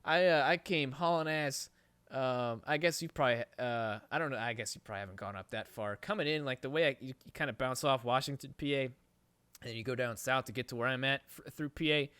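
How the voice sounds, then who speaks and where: A man's voice: medium pitch, a little fast, clear, resonant tone, no room sound. A man hosting a podcast, telling a long story casually with constant swearing and rambling asides. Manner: profane, rambling, animated storytelling. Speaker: podcast host.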